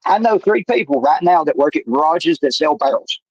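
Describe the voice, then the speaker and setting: A man's voice: on the high side, expressive, fairly quick, slightly rough, no echo. A man, rambling in folksy, salesman-like talk as a stream guest. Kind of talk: casual talk. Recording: muffled stream audio.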